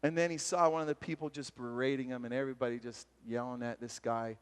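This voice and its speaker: A man giving a retreat sermon, telling a story and acting out its voices with lively energy. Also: medium pitch, fast talker, smooth. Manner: animated, acts out voices in stories. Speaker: retreat speaker. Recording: long hall reverb.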